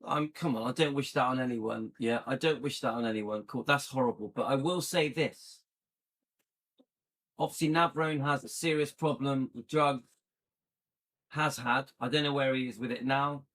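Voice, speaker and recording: A man's voice: medium pitch, moderate pace, a bit bright. A man hosting a commentary channel, reacting indignantly and firing repeated rhetorical questions.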